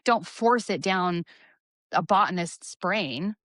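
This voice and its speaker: A woman in her forties co-hosting a podcast, emphatic and quick with asides in casual chat. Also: fairly low pitch, expressive, a bit bright, no echo, studio quality. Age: 40s. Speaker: podcast co-host, personal trainer.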